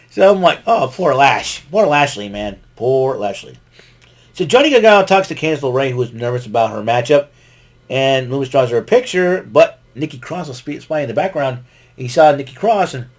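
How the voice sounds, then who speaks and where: Man host, fairly high voice, loose rambling recap full of fillers and chuckles. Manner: rambling, many fillers and restarts, chuckles often. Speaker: podcast host recapping wrestling. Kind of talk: casual recap monologue.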